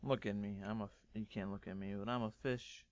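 A young man doing loud, profane, melodramatic commentary over a game he is playing. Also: on the low side, steady tone, fairly quick, muffled recording. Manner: loud, swearing, melodramatic outbursts. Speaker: gaming YouTuber. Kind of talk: Let's Play commentary.

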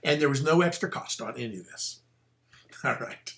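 A man, the pastor, giving a casual, animated sermon full of slang and asides. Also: mid-range voice, normal speed.

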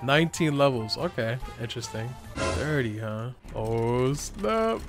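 A young man giving excitable commentary over his gameplay, laughing and yelping often. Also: mid-range voice, measured pace, music in the background. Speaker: gaming YouTuber.

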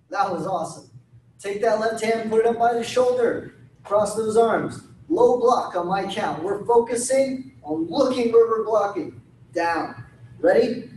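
A man leads a taekwondo class at an unhurried pace, calling commands and counting reps with firm shouted yells. His voice sits back from the microphone in an echoing room, with a faint hum underneath. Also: high-pitched, distant mic. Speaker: martial arts instructor. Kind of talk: leading an online taekwondo class. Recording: roomy sound from away from the mic.

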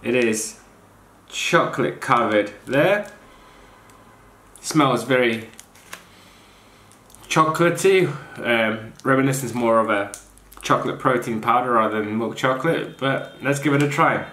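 Male fitness vlogger, bright forceful voice, frank snack reviewer, roomy echoey room. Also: medium pitch, unhurried, pauses often. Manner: blunt, unimpressed taste-tester. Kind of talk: casual product review.

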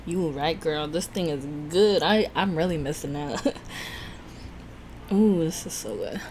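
Slow-talking, lowish woman food vlogger. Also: darkish tone, a little hiss or hum. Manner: chatty, laughs often, self-conscious about talking fast. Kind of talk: casual mukbang chat.

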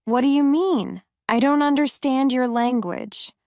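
A spoiled, bad-tempered little girl, as a woman reading aloud puts her on snaps orders in a haughty, petulant voice. Her voice sits high and clear, and she speaks slowly with careful diction. It is a calm storybook reading with the sound of a close microphone. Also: dry recording.

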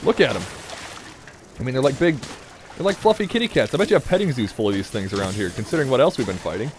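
A man's voice: mid-range voice, expressive, fast talker, slight background noise. Joking man narrating his gameplay. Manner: jokey, rambling, talks to the game, laughs often. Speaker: let's play gamer. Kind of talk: gameplay commentary.

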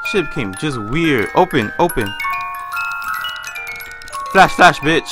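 A young man commentating a horror game, jumpy and swearing constantly, yelling and laughing when startled. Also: medium pitch, lively intonation, takes it slowly, long pauses, music in the background. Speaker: gamer.

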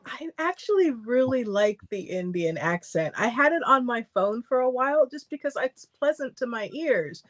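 A woman's voice: a little high, animated, moderate pace, few pauses. A woman hosting a sewing livestream, chatting casually and telling stories with frequent laughter. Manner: chatty, laughs often, storytelling. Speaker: sewing stream host.

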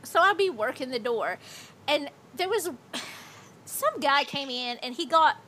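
A woman's voice: sits high, animated, unhurried, pushed and bright, a little hiss or hum. A woman in her thirties livestreaming, telling a rambling, profane story with lots of "like" in casual chat.

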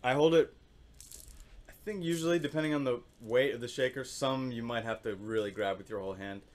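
A man teaching percussion in a casual, relaxed way, thinking aloud and singing rhythms with syllables. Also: medium pitch, fairly quick. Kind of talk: casual instructional demonstration.

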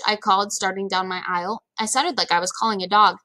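A woman reading a children's novel aloud in first person, lively storytelling. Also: mid-range voice, poor audio. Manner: lively storytelling, quick voice shifts for characters.

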